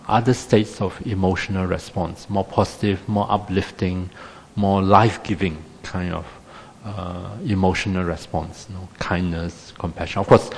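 Leading a meditation class, a man with a Singaporean English accent jokes at his own expense in a wry, chatty way, sprinkling in tag questions. His somewhat low, gravelly voice rings with a long, hall-like reverb over slight background noise.

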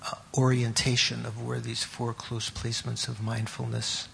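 A man teaching a class on Buddhist meditation and terms, pausing often, repeating words and putting questions to his students. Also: mid-range voice, monotone, gravelly, a bit bright, slight background noise.

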